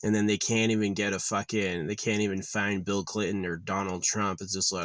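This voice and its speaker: A man with a very low voice rambles through a casual vlog rant, heavy on the swearing and quick to get heated. The sound is dry and close, with no room behind it. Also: flat delivery, no room sound. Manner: profane, rambling, gets loud and heated when ranting. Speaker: vlogger.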